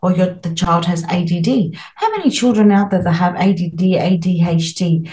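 A woman's voice: on the low side, lively intonation, moderate pace, dark tone, low-quality recording. A middle-aged woman as an interview guest, talking earnestly and at length, with many restarts and fillers. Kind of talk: interview, spiritual experiences.

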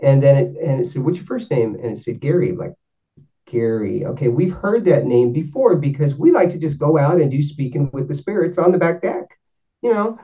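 A man's voice: on the high side, moderate pace. A man from North Georgia, casually telling a rambling story and correcting himself as he goes. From North Georgia, USA. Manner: rambling, self-correcting, animated when quoting. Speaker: guest explaining spirit sessions. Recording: dull, distant from the mic.

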